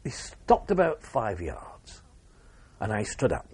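An older man, telling an interviewer his wartime memories in a measured way, with pauses and restarts. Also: lowish voice, huge pitch swings, a little mellow, husky. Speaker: war veteran interviewee. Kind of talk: oral history interview.

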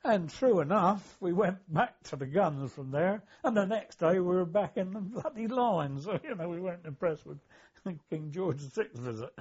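An older war veteran recalling his service in an interview, hesitant, with many fillers, throat clearing and chuckles. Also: high-pitched, expressive, unhurried, darkish tone, highs cut off. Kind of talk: oral history recollection.

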